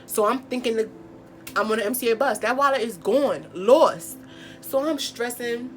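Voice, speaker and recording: A young woman telling a storytime vlog in slangy, casual chat, acting out quotes with loud exclamations. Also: fairly high pitch, normal speed, faint music behind.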